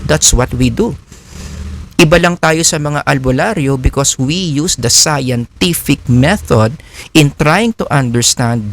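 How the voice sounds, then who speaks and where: A man's voice: mid-range voice, fairly bright tone. A man with a Filipino accent giving a psychology lecture, explaining step by step and asking his class rhetorical questions. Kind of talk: recorded lecture.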